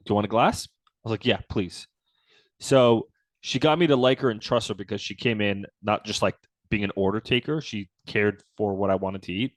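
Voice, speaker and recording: A man, a company founder, telling a story from his own life in a casual interview and acting out the quoted dialogue. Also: no room sound. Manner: relaxed storyteller, acts out quoted dialogue with lively pitch jumps.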